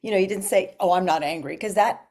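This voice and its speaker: Encouraging woman guest, mid-pitched. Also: fast talker, darkish tone. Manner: encouraging, earnest, emphatic. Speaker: guest coach. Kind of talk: casual conversation.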